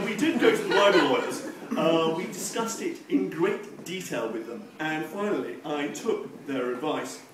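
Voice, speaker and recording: Joking man, author speaking to an audience, lively voice, very echoey room, audible noise. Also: fairly high pitch. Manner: jokey, self-mocking, laughing often. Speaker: author at a book launch. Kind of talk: casual live speech with jokes. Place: live reading event with audience. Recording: echoey room, distant mic, background noise.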